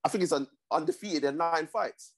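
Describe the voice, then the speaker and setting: A man's voice: a little high, fairly quick. A man co-hosting a fight podcast, laid-back and stubborn in slangy casual banter. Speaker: podcast co-host.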